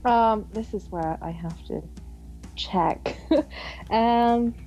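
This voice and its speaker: A woman's voice: fairly high pitch, extremely slow, mellow, lo-fi sound, soft background music. Chatty English woman with giggles. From England. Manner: chatty, giggly, self-deprecating. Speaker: guest. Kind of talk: casual podcast chat.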